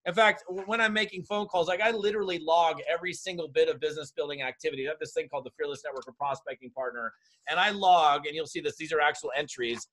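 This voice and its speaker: Man, sales coach, raised voice, energetic, direct, video call. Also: a little high, fast. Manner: energetic, direct, talks straight to the audience. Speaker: network marketing trainer.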